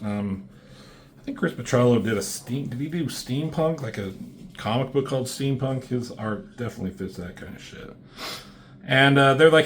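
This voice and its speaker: A man's voice: mid-range voice, expressive, normal speed, fairly bright tone. A man giving a casual, rambling comic book review, swearing often and filling gaps with "um" and "like". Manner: rambling, profane, many fillers. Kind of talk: casual commentary.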